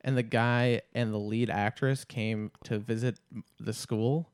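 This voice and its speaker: A man co-hosting a comedy podcast, telling a story in a rambling, halting way. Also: medium pitch, steady tone, clear, resonant tone, dry recording, clean studio sound. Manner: rambling, halting, many fillers and laughs. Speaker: podcast co-host.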